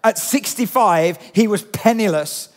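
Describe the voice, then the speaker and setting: A man's voice: high voice, unhurried. A man preaching a sermon in a church, chatty, often asking the congregation questions. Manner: conversational, asks the congregation questions. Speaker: pastor. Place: church hall. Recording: long hall reverb.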